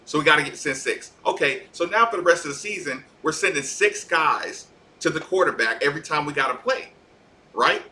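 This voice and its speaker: A man talking football as a sports-talk co-host, animated and often restarting his sentences. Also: a little high, fairly quick, slight background noise. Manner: animated, repeats words as he restarts.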